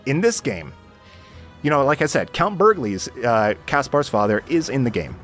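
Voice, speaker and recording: A man's voice: medium pitch, big pitch swings, moderate pace, a bit bright, soft background music. A young man giving casual, exasperated game commentary, sarcastic and swearing often.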